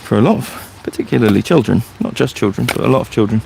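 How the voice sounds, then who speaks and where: A man's voice: on the low side, animated, fast talker, vocal fry, noisy background. A man, a forest school leader chatting casually and explaining things in a loose storytelling way. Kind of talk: casual podcast chat.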